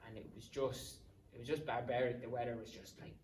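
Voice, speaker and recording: A man's voice: mid-range voice, steady tone, a little fast, a little mellow, a little hiss or hum. A young Irish man in his twenties, a podcast guest telling stories in a casual, rambling way, swearing freely and drifting into asides. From Ireland. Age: 20s. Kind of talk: casual storytelling. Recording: roomy sound, distant mic.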